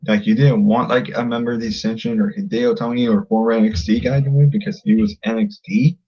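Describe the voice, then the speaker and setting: A man's voice: mid-range voice, steady tone, quick pace, husky, lo-fi sound. A man ranting angrily at a critic, combative and insulting, often repeating himself. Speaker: vlogger. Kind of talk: angry rant to camera.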